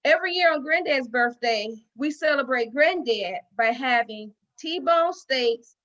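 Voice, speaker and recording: Bright high-voiced woman telling stories. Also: animated, unhurried. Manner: folksy storytelling with acted-out quotes and repetition. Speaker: guest speaker at a women's dinner. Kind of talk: heartfelt personal speech. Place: dinner event venue. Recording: dull lo-fi recording.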